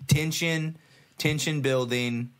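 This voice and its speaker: A man's voice: a little high, fairly even intonation, slow, a bit bright. A man co-hosting a podcast, chatting casually and joking as he bounces between ideas. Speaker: podcast co-host. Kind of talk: casual chat.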